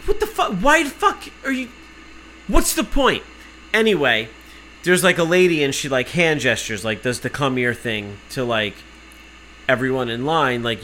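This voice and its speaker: A man's voice: medium pitch, bright, forceful tone, slight background noise. A man telling an angry, sarcastic story in casual chat, swearing freely. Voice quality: profane, sarcastic. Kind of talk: casual chat, ranting anecdote.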